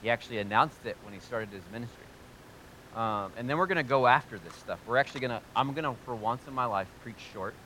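A man preaching a sermon to a live congregation, energetic and joking, asking them questions directly. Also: mid-range voice, fast, a little hiss or hum. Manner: energetic, joking and talking straight to the audience. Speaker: pastor.

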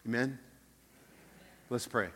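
A man's voice: mid-range voice, takes it slowly. Earnest male preacher in a reverberant hall. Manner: earnest preaching, dips soft then rises loud. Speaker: pastor. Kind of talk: sermon. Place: church sanctuary.

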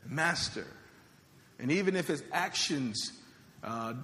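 A man's voice: high voice, lively intonation, normal speed, a bit bright. A man preaching a sermon as pastor in a conversational way, with joking asides. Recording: reverberant hall.

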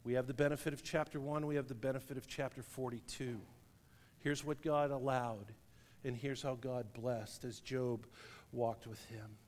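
A middle-aged preacher delivers his sermon at a middle pitch and drifts into animated storytelling, chuckling at his own tale. His voice rings with the long reverb of a large hall. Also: moderate pace.

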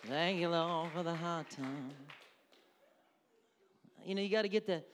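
A man's voice: on the high side, unhurried, long pauses, a little hiss or hum. A man preaching a sermon as pastor, with a conversational, joking manner and bits of mimicry. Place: church sanctuary. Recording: echoey hall.

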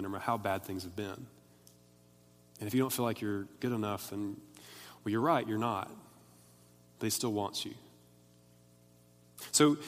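A young man preaching a casual, conversational sermon in a church, often restarting his sentences and acting out the voices of the people in his stories. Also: lowish voice. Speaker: pastor. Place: church worship hall. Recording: long hall reverb.

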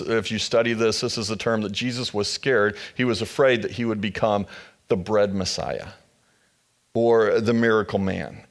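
A man preaching a sermon as pastor, retelling scripture in casual, conversational storytelling. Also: on the low side.

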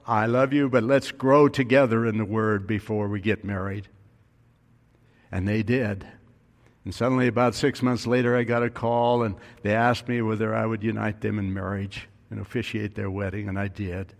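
Pastor, male, mid-pitch; storytelling sermon delivery that swells on key points; long church-hall reverb. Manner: storytelling preacher, voice rising with emphasis.

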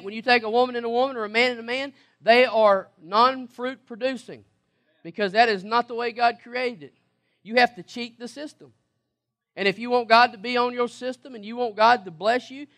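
A man's voice: very high voice, fairly even intonation, moderate pace, fairly bright tone. A man preaching a sermon, emphatic, repeating words and asking the congregation questions. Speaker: pastor.

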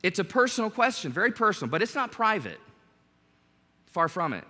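A man preaching a sermon as pastor, animated and conversational, joking with his congregation. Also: high voice, a little fast, big-room sound.

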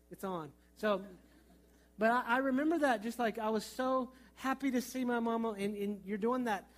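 A middle-aged pastor with a very high voice preaches a sermon at a moderate pace. He tells funny childhood stories, weaving humor and vivid anecdotes from his youth into the message.

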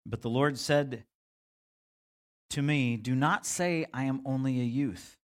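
A man's voice: animated, normal speed. A middle-aged male pastor giving a conversational sermon, acting out quotes in a livelier voice. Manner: conversational preaching, acts out God's voice with rising pitch.

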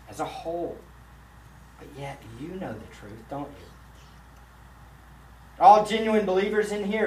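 A man, a pastor, preaching a sermon in a church sanctuary, emphatic and swinging between loud and hushed delivery. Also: mid-range voice. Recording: roomy echo, mic at a distance.

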